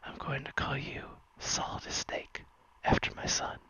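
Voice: measured pace, bright, forceful tone, low-quality recording. A streamer whispering the repetitive lines of an old male zoo owner, as whispered role-play. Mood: musing.

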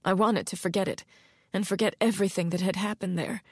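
A woman narrator voicing a terrified, haunted woman who talks in a hoarse voice close to tears, pleading and frantic. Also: mid-range voice, steady tone, fairly quick, no room sound, natural voice. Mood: grieving. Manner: frantic, pleading, rising into panic. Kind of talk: audiobook character voice.

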